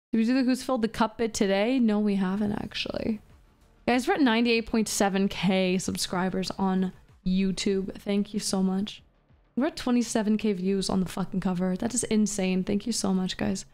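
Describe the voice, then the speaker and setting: A woman's voice: mid-range voice, a little mellow. A woman streamer chatting casually with her live chat while gaming, profane, playful and flirty. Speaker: VTuber streamer.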